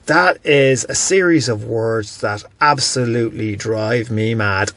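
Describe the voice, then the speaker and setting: A man's voice: mid-range voice, no echo. Blunt, emphatic man hosting a podcast. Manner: emphatic, blunt, self-correcting. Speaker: podcast host. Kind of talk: solo motivational podcast monologue.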